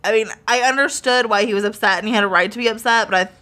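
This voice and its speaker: A woman's voice: fairly high pitch, racing, bright, forceful tone. A woman co-hosting a casual podcast, chatty and teasing her co-host.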